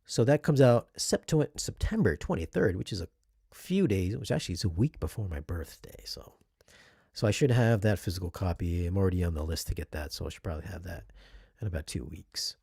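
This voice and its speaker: A man's voice: sits low, animated, brisk, gravelly, dark tone, breathy edge, dry recording, studio quality. A man talking casually as a video reviewer, chatty and rambling, correcting himself and asking viewers questions. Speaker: home theater video reviewer.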